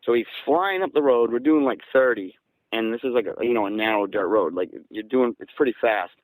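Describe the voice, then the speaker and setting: A man from southeastern Massachusetts, a guest casually recounting events in an animated way and acting out the dialogue. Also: mid-range voice, brisk, dry recording, narrow, tinny audio. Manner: animated, acts out quoted dialogue. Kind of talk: casual storytelling.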